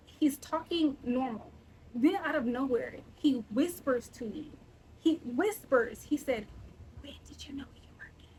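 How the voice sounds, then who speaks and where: A woman's voice: high voice, a little hiss or hum, rough recording. A young adult woman hosting a casual solo podcast, talking in a blunt, sassy and playfully indignant way. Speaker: podcast host.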